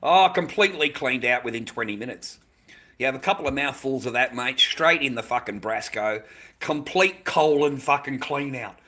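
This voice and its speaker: A man's voice: medium pitch, expressive, normal speed, pushed and bright. An Australian man livestreaming, rambling in casual chat, swearing constantly and ending his lines with "mate".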